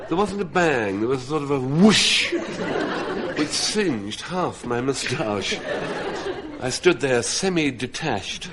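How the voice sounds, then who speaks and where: A man spins a self-mocking comic story for a studio audience, and his voice rises and falls in big swoops. It comes through as a 1970s radio broadcast. Loud audience laughter fills the gaps. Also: mid-range voice, expressive, slow, over a noisy crowd, heavy background noise. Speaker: comedy panelist.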